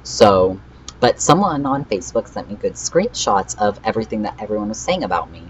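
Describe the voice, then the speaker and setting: A teenage boy with a low voice rambles through a storytime vlog, filling gaps with "um" and reading chat messages in a flat tone. The recording sounds slightly dull and muffled. A faint hiss sits under the voice. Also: brisk. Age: teens. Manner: rambling, reads out chat messages flatly, frequent fillers. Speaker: vlogger. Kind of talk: casual storytime recap.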